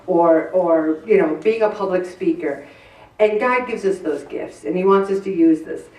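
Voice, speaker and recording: A woman's voice: mid-range voice, darkish tone, distant mic. A woman giving a candid, self-deprecating faith-based talk to a live audience at an event, with playful asides. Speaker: motivational speaker. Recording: roomy sound picked up from afar.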